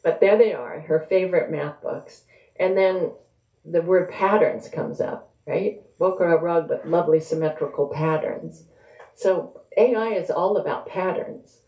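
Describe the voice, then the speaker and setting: A woman's voice: lowish voice, measured pace, lo-fi sound. A woman author speaking conversationally and reading from her novel at a live bookstore event. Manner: conversational, thinking aloud. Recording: roomy echo.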